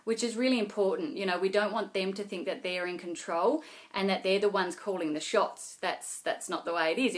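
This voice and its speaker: A young adult woman talking casually to camera, giving sales advice in a chatty way with many fillers and restarts. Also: on the low side. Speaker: network marketing vlogger.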